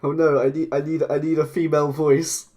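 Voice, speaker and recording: An Englishman makes clay models on a live stream as a claymation streamer, chatting casually, rambling, and laughing often. His voice is fairly high with little pitch movement, brisk and mellow.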